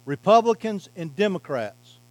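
High-voiced pastor preaching emphatically. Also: male voice, sing-song, normal speed, rough recording. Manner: emphatic preaching, varying loudness and pace. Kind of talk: sermon.

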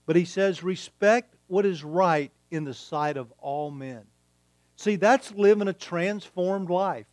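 A man's voice: high voice, takes it slowly, no echo. A man preaching a sermon, emphatic and repeating his key phrases. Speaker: pastor.

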